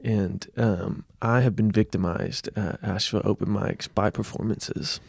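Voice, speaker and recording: Low-voiced laid-back man from Dallas. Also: steady tone, moderate pace, gravelly, a little mellow, husky, no room sound, studio quality. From Dallas, Texas. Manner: laid-back, wry, rambling storyteller. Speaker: podcast guest, musician. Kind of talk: casual chat.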